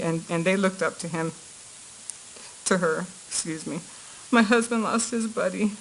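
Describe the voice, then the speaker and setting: A middle-aged woman reading a prepared statement in a courtroom as the victim's aunt, earnest and measured with her grief held back. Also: fairly low pitch, fairly bright tone, a little hiss or hum, low-quality recording.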